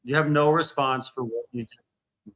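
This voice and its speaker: An exasperated man in a heated phone argument, repeating his points and swearing often. His voice sits at a middling pitch. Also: fairly even intonation, a little slow, fairly bright tone. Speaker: streamer.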